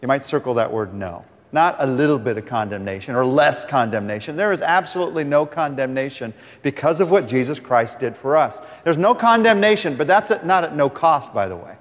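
A man's voice: medium pitch, expressive, a little fast, hardly any pauses, long reverb tail. A man preaching a sermon as pastor, earnest, reading scripture aloud.

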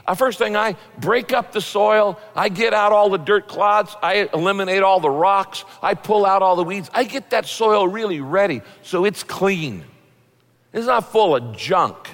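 A man's voice: sits high, a bit bright. A man preaching a sermon in a conversational, folksy way, acting out what people say. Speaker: pastor. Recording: long reverb of a large hall.

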